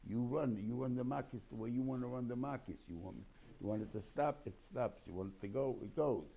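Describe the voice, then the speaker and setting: A man's voice: medium pitch, fairly quick, gravelly, dark tone, a little hiss or hum, poor audio. A man teaching an informal Torah class as a rabbi, in a rambling, conversational way, mixing in Hebrew and Yiddish terms and acting out bits of dialogue. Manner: acts out dialogue between figures.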